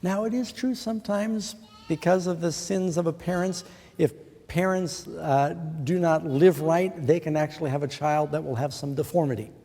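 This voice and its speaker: A man's voice: on the high side, normal speed, mellow. A middle-aged man preaching a sermon in an earnest way, putting questions to his listeners. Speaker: pastor. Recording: long hall reverb.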